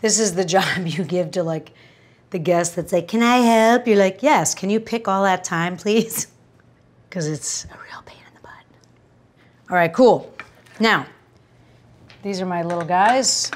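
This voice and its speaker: A woman's voice: on the low side, measured pace. Chatty woman cooking in a home kitchen. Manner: chatty, wry asides and anecdotes. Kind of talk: casual cooking demonstration.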